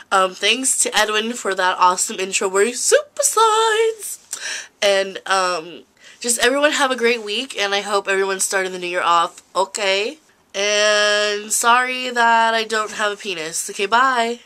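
Bright, chatty woman in her twenties. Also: medium pitch, a little slow. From California, USA. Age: 20s. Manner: chatty and self-mocking. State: sick. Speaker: vlogger. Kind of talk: casual vlog chat.

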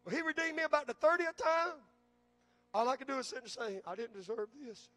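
A man preaching a sermon as pastor, calling out to the congregation and building to shouts. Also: very high voice, animated, fairly quick.

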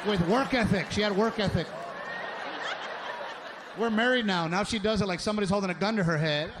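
A man performing live stand-up comedy, ranting in an exasperated way with loud shouted bursts. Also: sits high, brisk. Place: stage at a live show. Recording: live show with loud background noise.

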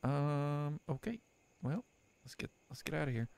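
Into a desk microphone, a young man gives let's play commentary on a horror game, his fairly high voice gravelly, darkish, clear and resonant at a measured pace. He jokes, gets sarcastic reading the game's text aloud, and laughs often.

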